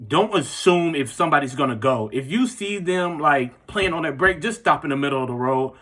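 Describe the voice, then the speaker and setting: Young guy vlogging, husky voice, rambles a lot with "like" and "bro". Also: fairly high pitch, animated, fairly quick, fairly bright tone. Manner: rambling, heavy use of "like" and "bro". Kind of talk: casual storytelling to camera.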